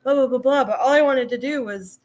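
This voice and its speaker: A woman guest on a podcast, chatting casually and excitedly about a book, with lots of fillers and giggles. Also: high voice, brisk.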